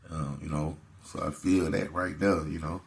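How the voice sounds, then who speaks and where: Very deep, gravelly-voiced man. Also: steady tone, moderate pace. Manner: laid-back, peppered with "man" and "you know". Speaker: host. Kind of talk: casual storytelling to camera.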